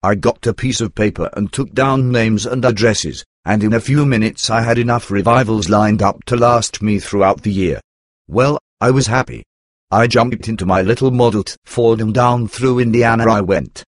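A man narrating a first-person memoir in a measured, earnest storytelling manner. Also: fairly low pitch, no room sound, clean studio sound.

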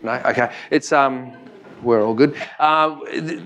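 Australian man, 40s, easygoing seminar presenter, mid-pitched voice. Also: unhurried, fairly bright tone, soft background music. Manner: chatty, jokey, asks the audience questions. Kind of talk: live talk to an audience. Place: room with a live audience.

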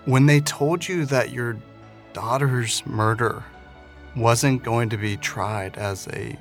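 A man's voice: medium pitch, slow pace, soft background music. A man interviewing a guest, stacking his questions one after another in a repeated pattern.

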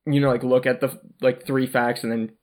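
A man with a mid-pitched, everyday voice co-hosts a casual movie podcast. He chats wryly and offhandedly, letting sentences trail off. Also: little pitch movement, brisk. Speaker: podcast co-host. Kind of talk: casual movie-review chat.

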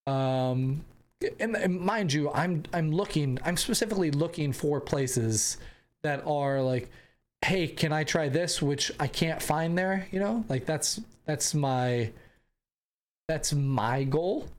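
A man's voice: fairly high pitch, slow, darkish tone. A young American man hosting a podcast, telling a travel story casually with rambling restarts and bursts of laughter. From United States. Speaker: podcast host.

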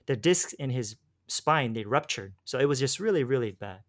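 A man's voice: medium pitch, animated, moderate pace. Man telling a personal story casually. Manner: rambling, restarts, says "dude" and "bro". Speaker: guest telling his faith story.

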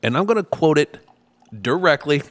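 A man's voice: fairly high pitch, lively intonation, moderate pace. A man co-hosting a casual podcast, teasing a friend and retelling a night out. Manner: teasing storyteller, quotes friends for laughs. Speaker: podcast co-host. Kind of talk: casual beer podcast banter.

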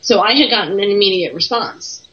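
A woman's voice: medium pitch, animated, brisk, a bit bright, muffled recording. A woman who investigates the paranormal, telling what happened on an investigation in plain storytelling and acting out what people said. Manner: plain storytelling that acts out quoted talk. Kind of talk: casual interview storytelling.

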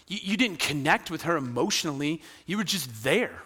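A man preaching a lively sermon, often asking the crowd "right?" and acting out quoted voices. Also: a little high, brisk, long reverb tail. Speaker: pastor.

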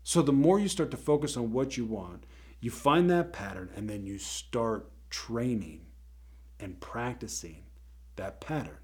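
A man's voice: mid-range voice, expressive, a little slow, a little mellow. A man hosting a faith-based teaching show gives a motivational talk in a conversational, emphatic way, often checking in with his listeners.

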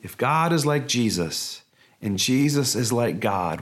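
A man's voice: mid-range voice, expressive, measured pace. A man, a pastor, preaching a sermon in a conversational, emphatic way with rhetorical questions.

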